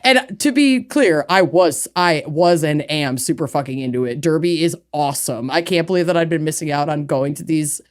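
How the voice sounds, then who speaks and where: A young woman co-hosting a podcast, chatting casually, animated, swearing freely and laughing often. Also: deep voice, moderate pace, few pauses. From Minnesota. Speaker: podcast co-host. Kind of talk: casual chat.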